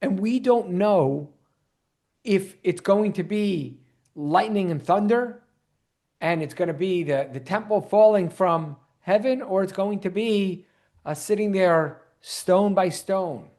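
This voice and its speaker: A man's voice: high voice, slow. A man, a rabbi, teaching an online Bible class and quizzing his listeners. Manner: animated, quizzes the audience.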